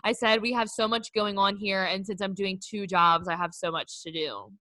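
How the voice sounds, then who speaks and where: A woman's voice: mid-range voice, fairly even intonation, normal speed, bright, forceful tone, no echo. A young woman co-hosting a podcast, telling a story in casual chat, filling her talk with "like". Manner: chatty storyteller, heavy use of "like". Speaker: podcast co-host.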